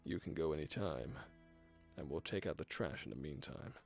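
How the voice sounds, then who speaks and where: A man voicing a cruel teenage gang leader in a game, with a deep put-on voice and a sneering, taunting manner. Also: expressive, moderate pace, creaky, faint music behind, exaggerated voice.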